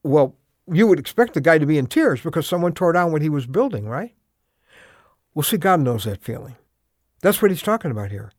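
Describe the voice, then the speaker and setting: A middle-aged man delivers a short radio devotional, speaking earnestly but conversationally. His voice sits a touch higher than most men's, and the sound is dry and close with no room around it. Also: sing-song, fairly quick, no room sound. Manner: earnest, conversational preaching with rhetorical questions. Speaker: radio preacher.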